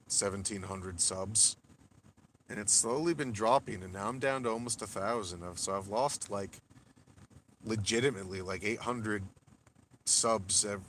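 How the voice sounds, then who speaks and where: Wrapping up a late-night livestream, a male host chats loosely with his audience, swearing freely and getting excitable when he corrects a pronunciation. His voice is lowish, with a little hiss or hum in the background.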